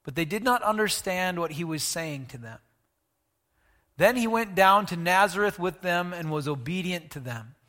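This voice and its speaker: High, bright-voiced preacher in a reverberant hall. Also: male voice, normal speed. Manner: animated, asks the congregation questions, swings between loud and hushed. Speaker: pastor. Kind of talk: sermon.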